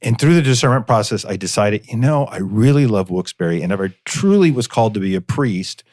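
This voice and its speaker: A man's voice: lowish voice, animated, fairly quick, a little mellow, no echo, clean studio sound. A man from northeastern Pennsylvania, a guest on a podcast, telling local history in a chatty storytelling way with many fillers. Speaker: guest, preservation society director. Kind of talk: casual podcast interview.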